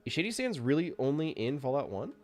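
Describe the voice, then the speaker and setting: Excitable man streaming a game. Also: fairly high pitch, quick pace, soft background music. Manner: excitable, exasperated, self-mocking. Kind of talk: live gameplay commentary.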